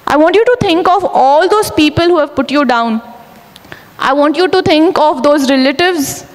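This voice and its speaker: A young woman running a motivational school workshop, commanding the group and telling them to repeat after her. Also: high-pitched. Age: young adult. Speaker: workshop facilitator. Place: large school hall indoors. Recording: echoey hall with students around. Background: a room of students.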